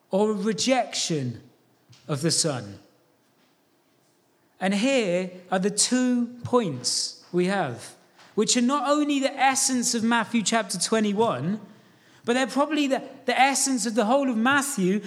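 Man, pastor, sermon, very high voice, slow delivery, earnest, urging. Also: fairly bright tone. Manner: earnest, urging, call-and-response questions.

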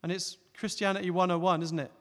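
Preacher guy giving a sermon, earnest, gets loud then goes soft, voice on the high side, lots of hall echo. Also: flat delivery, fast talker. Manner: earnest, builds to loud emphatic peaks then drops soft. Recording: long hall reverb.

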